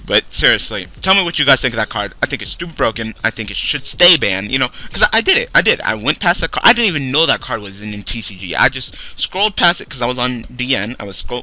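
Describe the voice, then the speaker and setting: A young man hosting a card game video, ranting angrily and sarcastically, swearing a lot, and swinging between loud outbursts and tired mumbling. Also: medium pitch. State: tired, low on energy. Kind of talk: profane rant to camera.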